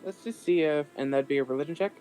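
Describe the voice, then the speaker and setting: A man's voice: fairly high pitch, fast, mellow, clear, resonant tone, faint music behind. Casual man playing a tabletop game. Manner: casual, rambling, lots of fillers. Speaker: player.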